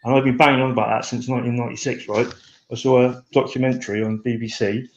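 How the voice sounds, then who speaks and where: A man chatting casually, telling stories in a rambling, animated way with lots of restarts. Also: medium pitch, fast talker, a little hiss or hum. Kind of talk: casual chat. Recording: dull lo-fi echoey room.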